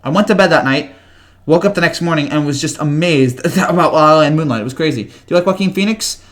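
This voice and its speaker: This young man, in his twenties, runs a casual livestream where he reads viewer comments and chats rambling on, with plenty of fillers and stammered restarts. He speaks fast, in a slightly bright voice on the high side.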